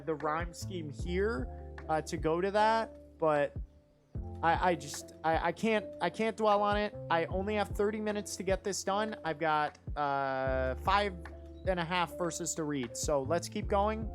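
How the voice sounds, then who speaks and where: A judge talking through written rap verses live, enthusiastic and rambling, with lots of fillers and restarts. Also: medium pitch. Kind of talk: live commentary and critique.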